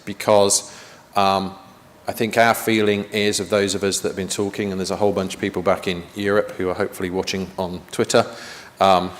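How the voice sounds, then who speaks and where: Guy giving a conference talk, low-ish voice, chatty and jokey, hall echo hanging on everything. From United Kingdom. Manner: chatty, joking asides. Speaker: conference presenter. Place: conference meeting room. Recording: long reverb of a meeting hall.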